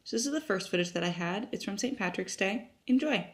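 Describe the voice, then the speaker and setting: A woman's voice: mid-range voice, lively intonation, quick pace, a little hiss or hum. A young woman, a college student, chatting in a rambling, self-mocking way as she records a casual video letter to a friend from her dorm room. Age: young adult.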